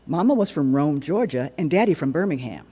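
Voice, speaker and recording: A woman's voice: low voice, animated, fairly quick, mellow, husky, long reverb tail. A man voicing a young woman who answers her little brother with mocking, matter-of-fact replies, in a staged story. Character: young woman, teasing older sister.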